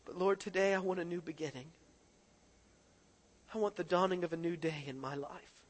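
A man preaching a sermon, moving between hushed prayer and impassioned, rising appeals to the congregation. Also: high voice, normal speed. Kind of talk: sermon with altar-call prayer.

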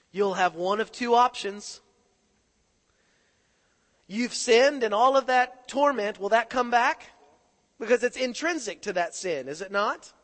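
A man preaching a sermon, moving between hushed prayer and impassioned, rising appeals to the congregation. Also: high-pitched. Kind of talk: sermon with altar-call prayer.

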